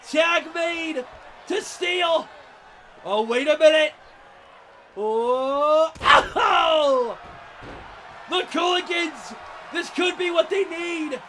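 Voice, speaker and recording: Biased wrestling commentator, man, shouting over a roaring arena crowd and loud noise. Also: extremely high pitch. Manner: openly biased, shouting, swearing, cheering on favorites. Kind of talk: play-by-play commentary.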